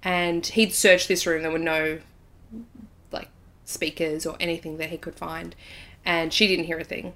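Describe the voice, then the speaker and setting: A woman co-hosting a relaxed podcast, spinning a spooky personal story. She talks with animated energy and quickens at the tense moments. Her pitch sits a little low. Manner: animated, breathless when telling scary parts, laughs often. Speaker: podcast co-host. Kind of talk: casual storytelling chat.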